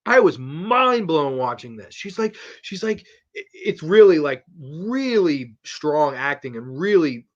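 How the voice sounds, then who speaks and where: A man hosting a podcast, giving a casual horror film review in an animated, rambling, profane way. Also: on the high side, unhurried, muffled recording. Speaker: horror movie podcast host.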